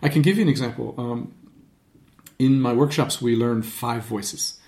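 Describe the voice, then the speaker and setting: Lively man coaching voice use. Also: moderate pace. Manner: demonstrative, shifts his voice low and high to show examples. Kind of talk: casual conversation. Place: podcast studio.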